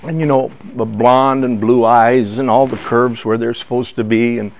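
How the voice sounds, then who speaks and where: An older man telling a family story in a personal testimony talk, halting and emotional, with many restarts. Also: medium pitch, fairly even intonation. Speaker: speaker. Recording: dull lo-fi sound.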